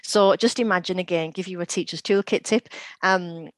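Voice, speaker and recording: A woman in her forties talks through teaching techniques on a podcast, working through step-by-step classroom examples. Her voice sits on the low side. The recording is dry, with no room sound. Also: moderate pace, no echo. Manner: practical, explains with classroom examples. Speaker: guest, education company CEO. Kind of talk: podcast interview.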